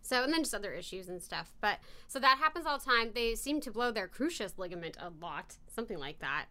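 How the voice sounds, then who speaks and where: Fast, bright-voiced chatty woman. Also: mid-range voice. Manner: animated storyteller, rambling, often says "anyway". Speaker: podcast co-host. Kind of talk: casual chat.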